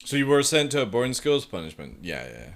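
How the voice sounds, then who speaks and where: With a medium-pitched voice, huge pitch swings, and a quick pace, this young British man chats casually with his stream viewers. He's a live streamer who rambles, swears freely, and reads the chat aloud.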